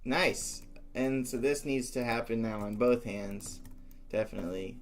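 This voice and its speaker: A man's voice: medium pitch, unhurried. A young man thinking aloud as he composes music, musing and talking to himself with playful asides. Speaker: composition teacher.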